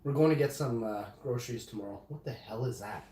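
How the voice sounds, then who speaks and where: A man's voice: medium pitch, fast talker, noisy background. Guy ranting and cussing on a livestream in his kitchen, mid voice, echoey room. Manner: profane, ranting, indignant. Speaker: live streamer. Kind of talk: casual live-stream rant. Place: home kitchen. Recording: roomy echoey room sound.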